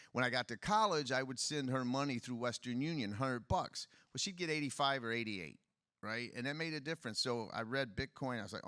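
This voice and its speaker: A man's voice: mid-range voice, moderate pace, fairly bright tone, dry recording, studio quality. A middle-aged man from Detroit, a political candidate telling his story bluntly in a fireside chat. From Detroit, USA.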